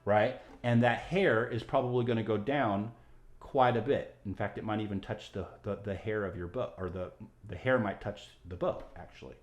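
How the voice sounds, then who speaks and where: Speaking in a fairly low voice at a moderate pace, a man patiently explains violin rhythm and bowing one step at a time, regularly adding "right?" The tutorial has a roomy echo, with faint violin music playing behind him.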